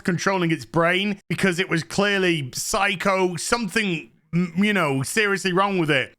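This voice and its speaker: A man tears into a show in a ranting review vlog. He is sarcastic and exasperated, and he swears freely. His voice sits high and sounds bright and forceful.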